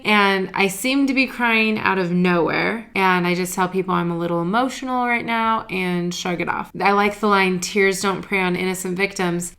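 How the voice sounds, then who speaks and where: A woman vlogger speaking earnestly and emotionally in a quiet, thoughtful personal reflection. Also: medium pitch.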